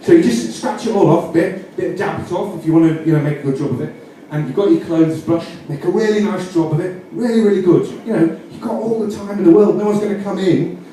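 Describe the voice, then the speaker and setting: A man with a Yorkshire accent talks through a comic scheme in a mock-earnest, deadpan way, stumbling over his words and starting sentences again. His voice sits a little high and sounds mellow. He is heard from a distance in a very echoey room, with a faint hiss of noise behind him. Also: fast talker, hardly any pauses. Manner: mock-earnest, rambling with self-corrections. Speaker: comedian. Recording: roomy echo, distant mic, faint noise.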